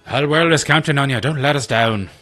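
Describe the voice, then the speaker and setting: A man's voice: mid-range voice, fast, bright, forceful tone, soft background music, pitched above the performer's own voice, lightly acted. A man voicing eager young game allies with a raised, pleading, cheering delivery. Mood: encouraging.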